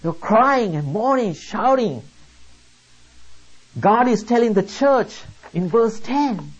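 A preacher gives a sermon at an unhurried, deliberate pace, leaning hard on each point with rhetorical questions. The voice sits in a middle register. The recording sounds muffled and lo-fi. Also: medium pitch, expressive, slightly rough. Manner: slow, emphatic, rhetorical questions.

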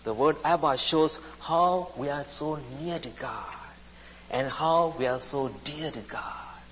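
A man's voice: on the high side, takes it slowly, a bit bright, slight background noise. A man preaching a sermon, speaking emphatically and repeating his phrases. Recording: dull recording in a reverberant hall.

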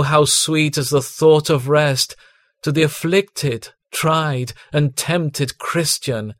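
A man reading a devotional sermon aloud in a solemn, measured way, with long pauses between phrases. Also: medium pitch, dry recording. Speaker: devotional reader.

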